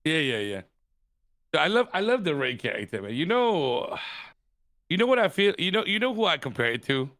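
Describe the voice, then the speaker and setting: A man in casual podcast chat, his pitch leaping up and down as he tells stories. He swears freely and laughs a lot. The sound is dry and close. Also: very animated, moderate pace, a bit bright, no echo. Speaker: podcast guest.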